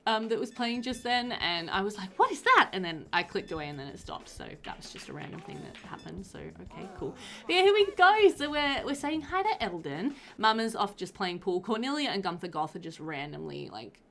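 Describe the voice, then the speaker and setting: A woman's voice: medium pitch, very animated, brisk, hardly any pauses, fairly bright tone. A woman giving a casual voiceover commentary on her gameplay, chatty and rambling with a bubbly manner. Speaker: gaming video creator. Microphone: voiceover recorded after gameplay.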